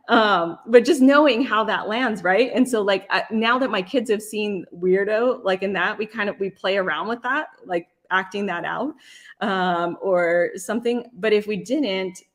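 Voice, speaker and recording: A middle-aged woman hosting a live stream in a casual, rambling way, often restarting her sentences. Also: medium pitch. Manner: chatty, rambling, frequent restarts. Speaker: host and life coach.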